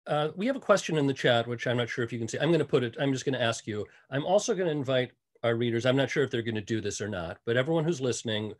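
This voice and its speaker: A man hosting an online interview in a relaxed way, reading out questions from the chat. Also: medium pitch, racing, few pauses. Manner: relaxed, reads audience questions aloud. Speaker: host.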